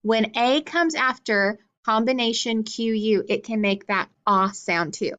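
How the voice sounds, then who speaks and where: A woman teaching a phonics lesson to young children, sounding out words clearly and praising answers. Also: on the high side, measured pace, fairly bright tone, dull audio.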